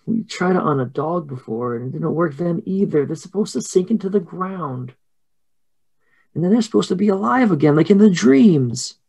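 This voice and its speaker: Young twin girls whining through tears, their voices pitched high and dropping quiet, as a man puts them on. The complaint comes out soft and plaintive in a tabletop horror game. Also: expressive, moderate pace, vocal fry, slightly rough, full character voice. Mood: tearful. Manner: whiny, tearful.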